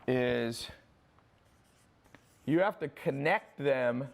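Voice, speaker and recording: Male presenter, gravelly mid-pitch voice, loose rambling sales pitch to camera. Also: drawn-out words, slight background noise. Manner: rambling, restarts, addresses viewer directly with "okay?". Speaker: online business presenter.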